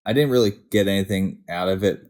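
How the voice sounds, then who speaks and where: Brief: low-voiced young male co-host, dark mellow tone, laid-back and profane. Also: fast talker. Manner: laid-back, short agreeing replies, profane asides. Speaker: podcast co-host. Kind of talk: casual TV episode discussion.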